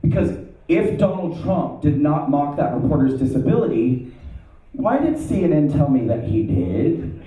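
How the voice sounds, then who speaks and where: A man telling a personal story to an audience, acting out his past thoughts in an animated way. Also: fairly high pitch, a little slow, pauses often. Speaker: speaker at an event. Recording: echoey room, heard from a distance.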